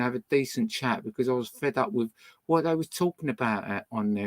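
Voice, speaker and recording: A livestream host plays records from inside a boat, breaking off between tracks to rant angrily and curse at viewers in a casual stream. He speaks briskly in a mid-range voice, on a rough recording.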